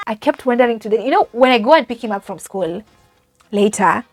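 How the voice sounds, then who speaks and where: Young Kenyan-accented woman, fairly high pitch, chatty storyteller who pokes fun at herself, soft music underneath. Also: animated, a little fast, no echo. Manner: chatty, self-mocking, laughs often, many fillers. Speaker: au pair. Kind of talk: casual storytelling vlog.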